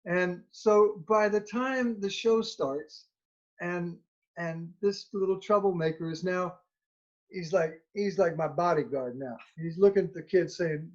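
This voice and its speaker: A man telling an animated anecdote as a children's musician, acting out the dialogue as he goes. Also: high voice, normal speed. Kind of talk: storytelling anecdote. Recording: dull lo-fi recording.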